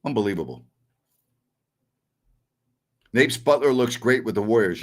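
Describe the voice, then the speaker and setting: A man's voice: on the low side, expressive, a little slow, pauses often. A middle-aged man hosting a sports talk stream, answering viewer messages bluntly and with strong opinions. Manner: blunt and opinionated, scoffs at callers.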